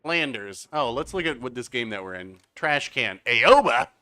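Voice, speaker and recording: A man commentates his own live gameplay in a loose, chatty way. His voice sounds bright and forward, and his pitch sits in a mid range. He breaks off often to read out chat messages and reply to them. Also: animated, normal speed, no echo. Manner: chatty, reads out chat, explains game mechanics. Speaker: game streamer. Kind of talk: casual live-stream commentary.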